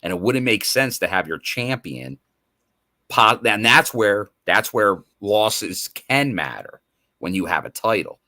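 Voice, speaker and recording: Male podcast co-host, deep and lively, dry close sound, rambling analysis. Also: a little slow, dry recording. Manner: rambling, loose analytical talk. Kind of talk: casual wrestling recap chat.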